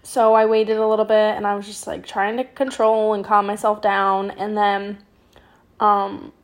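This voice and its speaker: A young adult woman hosting a podcast, telling personal stories in a casual, animated way, full of "like" and the odd swear word. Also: medium pitch, unhurried. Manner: chatty and animated, with frequent "like", swearing and laughter. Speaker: podcast host. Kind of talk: casual storytelling monologue.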